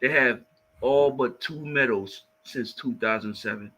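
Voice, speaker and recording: Husky man reciting track stats. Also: mid-range voice, sharp tone, rough recording. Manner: measured, reciting stats, building to emphasis. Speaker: co-host called coach. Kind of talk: sports talk.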